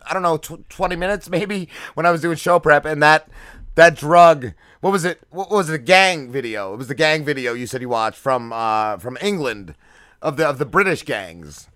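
Bright, animated New Jersey podcast host. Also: male voice, a little high, no room sound, studio quality. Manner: laid-back, quick to laugh along. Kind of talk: casual podcast chat.

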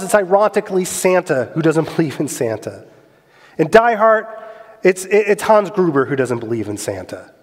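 Emphatic high-voiced preacher in a reverberant hall. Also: male voice. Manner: emphatic, rhetorical questions, swings between loud and soft. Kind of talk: sermon.

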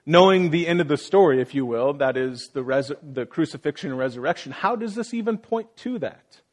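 A man's voice: a little high, expressive, fairly quick. A man preaching a sermon as pastor, earnest, reading scripture aloud and putting direct questions to his listeners. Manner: earnest preaching, acting out quoted voices and asking the congregation questions.

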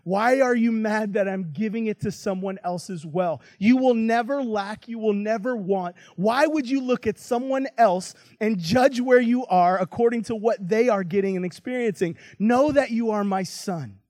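A man voicing a loving father who speaks softly and tenderly to his resentful son. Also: high voice, moderate pace, hardly any pauses, no room sound, close to an everyday voice. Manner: soft, tender, pleading. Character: gentle, loving older father.

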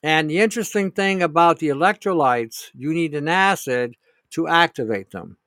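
A man's voice: on the high side, expressive, moderate pace, fairly bright tone, no echo, clean studio sound. A man hosting a show, talking in a blunt, rambling, opinionated way and answering a listener's question. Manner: blunt, rambling, emphatic with profanity. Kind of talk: casual opinionated monologue.

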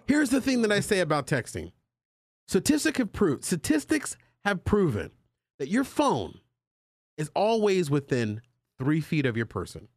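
A male podcast host in casual chat, animated and joking with his co-hosts as he reads out a listener letter. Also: high voice, normal speed, no echo, clean studio sound. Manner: animated, jokey banter with co-hosts.

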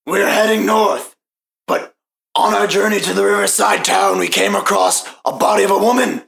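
Man playing an earnest adventurer, formal, stilted, gravelly. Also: sits high, fairly even intonation, normal speed, a bit bright, pitched above the performer's own voice, exaggerated voice. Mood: solemn.

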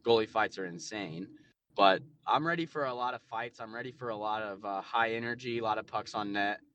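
A man co-hosting a podcast, talking excitedly about hockey and often restarting his sentences. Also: fairly low pitch, fairly quick, no echo, dull audio. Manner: excitable, repeats himself with restarts. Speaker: podcast co-host. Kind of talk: casual sports chat.

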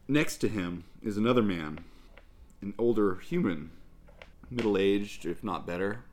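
Man, very low voice, game master narration, relaxed, faint hiss. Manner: relaxed descriptive narration with fillers.

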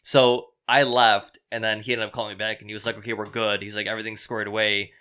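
A young man on a podcast telling a story in casual chat, profane and animated, acting out the people he quotes. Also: lowish voice, fast talker, clear, resonant tone.

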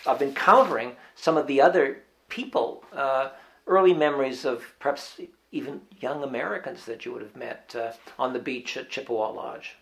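Gravelly male interviewer, halting. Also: medium pitch, a bit bright. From Canada. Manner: halting questions full of "uh" pauses. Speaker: radio show host.

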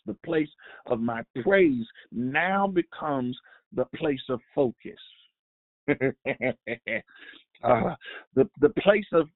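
A man hosting a devotional show, preaching slowly with halting restarts and a repeated refrain. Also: a little high, dry recording. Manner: halting, repetitive, with many restarts and fillers; drives points home with a repeated refrain. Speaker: host and preacher. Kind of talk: devotional sermon. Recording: tinny phone-like dry sound.

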